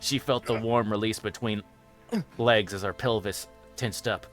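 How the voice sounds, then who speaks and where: A man, the host, reading a fan fiction horror story aloud in a steady, even narration. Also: on the low side, unhurried, soft background music.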